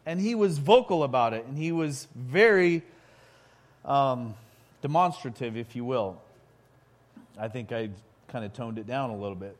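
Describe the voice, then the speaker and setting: A man preaching a sermon in a halting way, full of restarts, building to loud emphatic peaks. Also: mid-range voice, expressive.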